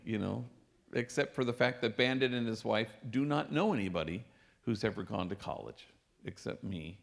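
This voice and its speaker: Gravelly-voiced priest telling stories. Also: male voice, mid-range voice, lively intonation, normal speed. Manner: warm anecdotal storytelling with Spanish phrases. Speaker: priest and speaker. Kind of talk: storytelling lecture. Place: lecture hall.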